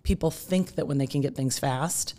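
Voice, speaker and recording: A woman with a low-pitched voice speaks as a podcast guest, explaining nutrition with energy. She slips into quoted voices to make her points, and sounds middle-aged. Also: normal speed, dark tone. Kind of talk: podcast interview.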